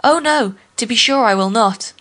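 A woman's voice: medium pitch, brisk, fairly bright tone, close to an everyday voice. A woman voicing a sly, boastful male spider trickster in a storybook tale, crafty and wheedling. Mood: scheming.

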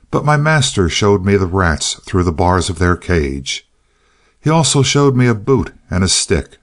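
Low-voiced man narrating a storybook, dry and sly. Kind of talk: storybook narration as the dog himself.

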